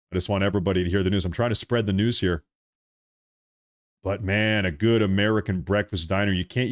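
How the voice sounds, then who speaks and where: A man's voice: on the low side, dry recording, clean studio sound. Chatty man hosting a political livestream. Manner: chatty and repetitive, addressing viewers directly as folks and ladies and gentlemen. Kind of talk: casual live commentary.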